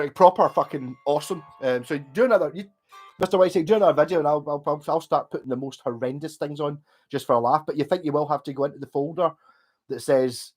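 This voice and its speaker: A man with a Scottish accent, tipsy from drinking, rambling and swearing heavily as he chats casually on a live stream. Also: a little high.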